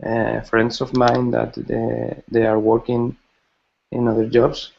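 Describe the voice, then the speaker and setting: A man in his forties talking about his work in an online class, halting and searching for words. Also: medium pitch, completely flat delivery, creaky, a little mellow. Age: 40s. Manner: halting, many restarts and fillers. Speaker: student introducing himself. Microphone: video call. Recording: muffled lo-fi call audio.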